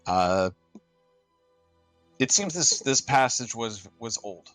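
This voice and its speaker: A man running a tabletop game as game master, talking in a halting way with many restarts. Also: mid-range voice, lively intonation, fairly bright tone, dry recording, soft background music. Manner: halting, full of fillers and restarts.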